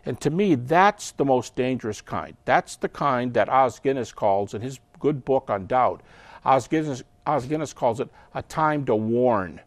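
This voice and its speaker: A man talks as an interview guest in a voice of middle pitch, explaining with energy. He keeps stepping into little acted-out voices to make his points. The sound is dry and close, with no room around it. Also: measured pace, no room sound. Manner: animated, acts out quoted voices.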